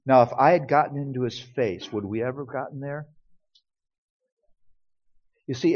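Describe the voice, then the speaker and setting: A man's voice: medium pitch, a little mellow. A man speaking as a pastor, telling a family story in earnest sermon style and acting out the quoted dialogue. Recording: dull lo-fi recording.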